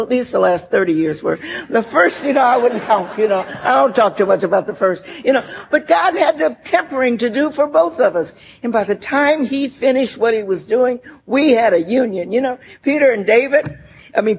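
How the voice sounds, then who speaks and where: Older woman, gravelly voice, recovery meeting share, warm laughing storytelling, muffled lo-fi recording. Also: on the high side. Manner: laughing, heartfelt storytelling with many "you know" asides.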